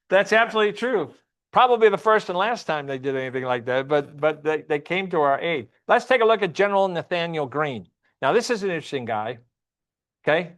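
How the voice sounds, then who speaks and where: A man's voice: a little high, expressive, fairly quick, a bit bright. A man teaching a church Sunday class, often asking the class questions and repeating himself.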